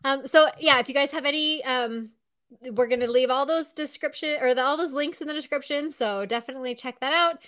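A woman's voice: sits high, a little fast, fairly bright tone. A woman hosting a live show on a video call, chatting casually and filling her talk with "like" and "um". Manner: chatty, full of "like" and "um". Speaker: podcast host.

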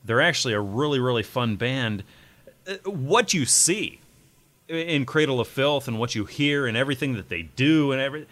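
A man's voice: mid-range voice, lively intonation, normal speed, fairly bright tone. A man hosting a podcast, talking in a rambling casual way with many fillers. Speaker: podcast host. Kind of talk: casual chat.

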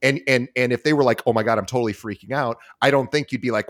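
A man's voice: mid-range voice, fast, dry recording, studio quality. A man hosting an interview, chatting casually and acting out quoted lines with lots of stammered restarts. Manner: animated storyteller who acts out quoted lines, stammers on restarts. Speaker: podcast host.

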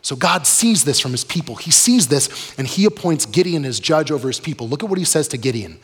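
A man preaching a sermon in a relaxed, conversational way, often asking the audience questions. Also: a little high, fairly quick, husky. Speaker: pastor. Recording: long reverb of a large hall.

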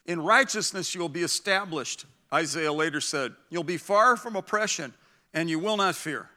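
Man, middle-aged, pastor, sermon, animated, high voice. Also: moderate pace. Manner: animated preaching, acting out quoted voices.

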